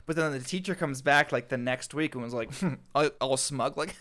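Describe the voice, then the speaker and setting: A young man's voice, slightly high and at a measured pace, chats casually and tells funny stories. He's animated, laughs a lot, and acts out the quotes.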